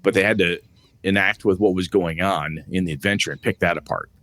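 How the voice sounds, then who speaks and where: A man's voice: deep voice, no echo. A man hosting a talk show, casually telling tabletop game stories and acting out his friends' lines. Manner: animated, acts out friends' lines in quick voices; loose, rambling with fillers and asides. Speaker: podcast host and game master. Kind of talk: casual storytelling about tabletop games.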